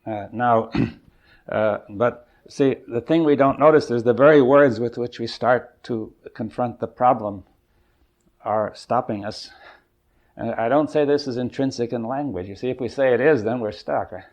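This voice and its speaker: An older man leading a seminar, thinking aloud in a halting, searching way and often checking in with his listeners. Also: mid-range voice, a little mellow. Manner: thoughtful, halting, often checks in with "right?" and "you see". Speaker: seminar leader. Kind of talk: exploratory seminar talk. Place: seminar room.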